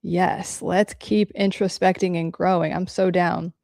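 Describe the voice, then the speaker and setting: A woman hosting a casual livestream and reading out viewers' comments. Her low voice has a gravelly fry. The close, dry recording has no room sound, and she talks bluntly and swears without hesitation. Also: little pitch movement, unhurried, darkish tone, dry recording. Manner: candid, reads comments aloud, swears freely. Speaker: livestream host answering viewer questions.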